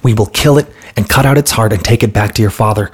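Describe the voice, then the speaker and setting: Male narrator, deeper voice with some breathiness, steady children's storybook reading. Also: fast talker, slightly rough. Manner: calm, steady storytelling with light voices for characters.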